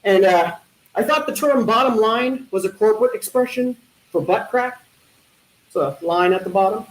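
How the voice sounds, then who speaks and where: A man doing stand-up one-liners at an online talent show, with a deadpan punning delivery and hesitant fillers. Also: high-pitched, normal speed. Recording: echoey room.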